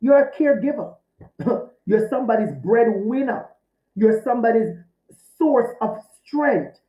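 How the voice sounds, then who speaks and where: A man's voice: very high voice, animated, unhurried, dark tone. Earnest man lecturing in a roomy space. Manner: heartfelt, direct, repetitive. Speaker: teacher. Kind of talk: recorded video lecture to students. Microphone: recorded to camera for a video course.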